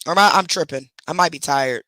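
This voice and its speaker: A woman's voice: low voice, fast talker, sharp tone, no room sound, clean studio sound. A woman hosting a casual livestream, scolding her dogs and chatting to her viewers. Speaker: livestream host.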